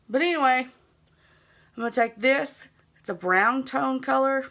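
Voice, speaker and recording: A woman's voice: sits high, unhurried, pauses often, a bit bright. A young woman with a Southern US accent, chatting easygoing and self-teasing as she narrates a makeup tutorial. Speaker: beauty vlogger.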